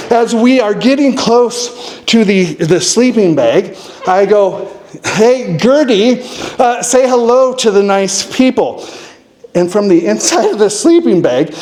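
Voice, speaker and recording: A man from Montana telling a comic story at a live show, acting out what people said in sudden raised voices. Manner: animated, acts out quotes with sudden high-pitched voices. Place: distillery stage before a live audience.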